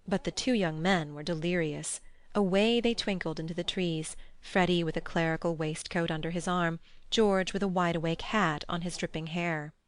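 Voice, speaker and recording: A woman narrating a classic novel as an audiobook, with a measured, expressive reading on a close studio mic. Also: lowish voice, smooth, no echo. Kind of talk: scripted narration.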